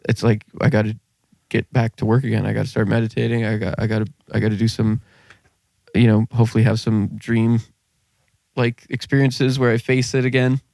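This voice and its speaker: A man's voice: lowish voice, little pitch movement, a little fast, gravelly, darkish tone, dry recording. A man co-hosting a podcast, casual chat, rambling and searching for his words. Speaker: podcast co-host.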